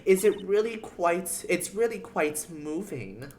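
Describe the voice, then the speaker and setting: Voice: mid-range voice, lively intonation, slow pace, a little mellow, slight background noise, pitched above the performer's own voice. A streamer voicing a rude, scornful young woman witness in a game, reading the lines aloud with taunting, sneering insults.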